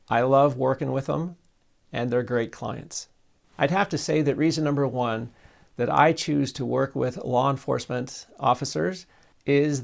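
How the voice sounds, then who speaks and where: Gravelly folksy man in his sixties. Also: medium pitch. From Southern Nevada. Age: 60s. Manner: folksy storytelling with frequent fillers. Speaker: real estate agent. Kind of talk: direct-to-camera talk with anecdote.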